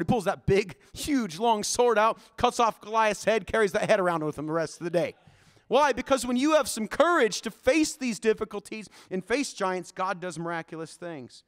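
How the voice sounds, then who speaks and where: A male pastor preaching in a church, telling Bible stories with animated, folksy energy. His voice sits notably high for a man. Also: a little fast. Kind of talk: sermon.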